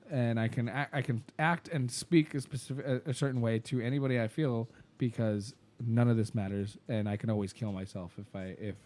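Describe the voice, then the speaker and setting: A man's voice: medium pitch, darkish tone. A man co-hosting a podcast in casual chat, retelling a show scene in a rambling way with lots of fillers and laughs. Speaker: podcast co-host.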